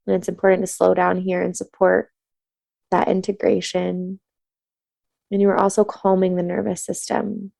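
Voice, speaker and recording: A woman coaching a listener through a tapping exercise in a calm, soothing, slow voice, then explaining her practice. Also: lowish voice, vocal fry, dry recording. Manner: gentle affirming murmurs while listening. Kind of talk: guided tapping meditation and interview answers.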